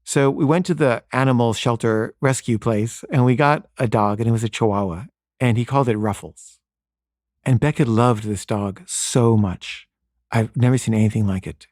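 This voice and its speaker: A man's voice: medium pitch, normal speed, a little mellow, no echo, studio quality. A man telling a personal story in a casual, conversational way, full of fillers. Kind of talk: personal story told to an audience.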